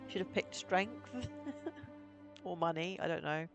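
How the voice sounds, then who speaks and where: A woman's voice: lowish voice, unhurried, music in the background. A woman live-streaming a story game, reading its text aloud and adding wry, laughing asides.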